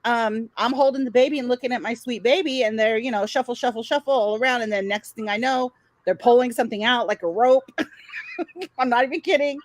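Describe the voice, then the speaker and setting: A middle-aged woman co-host with a slightly high voice, recorded dry and close. She chats casually, laughing often and reacting to her partner. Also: fairly quick, no room sound. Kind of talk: casual chat.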